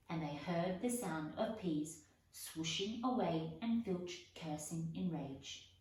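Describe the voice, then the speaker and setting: A woman reads a storybook aloud in a measured, unhurried manner. Her voice sits a little low, and she sounds far from the mic, with a heavy echo around her. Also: darkish tone. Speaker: audiobook reader. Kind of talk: storybook narration. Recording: echoey room, voice from far off.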